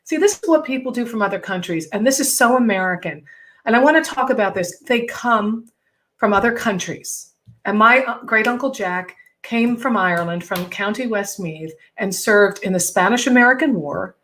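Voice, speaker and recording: A middle-aged woman comedian hosting a casual chat show, talking in a chatty, animated, self-mocking way. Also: mid-range voice, moderate pace, slight background noise. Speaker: podcast host and comedian.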